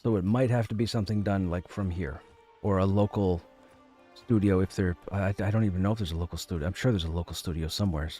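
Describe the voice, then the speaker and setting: Low, mellow-voiced man chatting. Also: fast, faint music behind. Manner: rambling, repeats his phrases. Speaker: game streamer. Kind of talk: casual chat.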